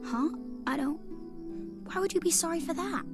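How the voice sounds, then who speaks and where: A man voicing a polite, earnest young boy who speaks softly and asks puzzled questions. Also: very high voice, normal speed, pitched above the performer's own voice. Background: game music.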